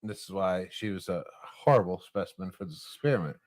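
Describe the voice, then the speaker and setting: A man hosting a casual bar-show chat, telling a drawn-out hypothetical with lots of swearing. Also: low-pitched, vocal fry, no room sound. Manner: profane, animated storytelling. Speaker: podcast host.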